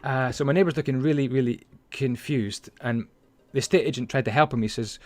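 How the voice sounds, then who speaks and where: A man's voice: mid-range voice, fairly quick, few pauses, darkish tone, dry recording, faint music behind. A man hosting a casual game-building video, rambling chattily with plenty of fillers and asides as he tells stories. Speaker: Minecraft building channel host. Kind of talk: casual building commentary and storytelling.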